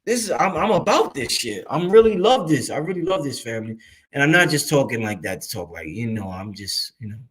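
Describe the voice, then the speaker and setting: Talking a little fast in a mid-range voice, this New Yorker from Brooklyn runs a laid-back livestream, swearing freely while answering the chat. His manner is lively and street-smart, and he speaks directly to viewers.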